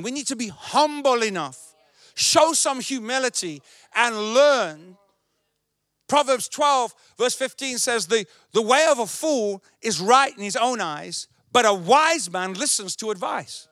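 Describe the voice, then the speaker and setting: A man's voice: extremely high pitch, lively intonation, unhurried, sharp tone, no echo, studio quality. A male pastor preaching a sermon, emphatic and repetitive.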